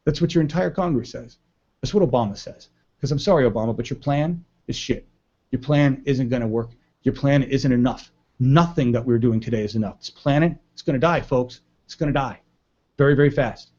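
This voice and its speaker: A man's voice: mid-range voice, a little fast, warm tone. A man hosting a live news stream, ranting indignantly with profanity and calling his viewers folks. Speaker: livestream news show host. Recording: muffled lo-fi audio.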